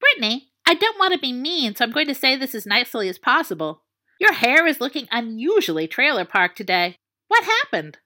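A fussy, witty teenage boy with a cold, as a woman reads him, delivering arch, dry remarks. The voice stays high and bright, with plenty of rise and fall. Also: big pitch swings, fairly quick, exaggerated voice.

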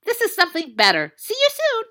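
A woman's voice: very high-pitched, huge pitch swings, a little fast, bright, forceful tone, voice pushed up, heavily acted. A woman voicing a bubbly, airheaded teenage cheerleader girl who chirps her words. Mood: chirpy, sweet.

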